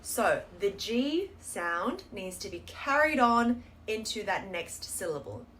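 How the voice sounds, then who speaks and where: A woman teaching a pronunciation lesson, explaining patiently and sounding out model words slowly and clearly. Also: medium pitch, very animated, fairly bright tone, slight background noise. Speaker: Korean language teacher.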